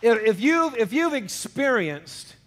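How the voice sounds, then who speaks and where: A man's voice: extremely high pitch, sing-song, slow, fairly bright tone, some chatter behind, slight background noise. A man preaching a sermon in a church, emphatic and calling out questions to the congregation. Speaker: pastor.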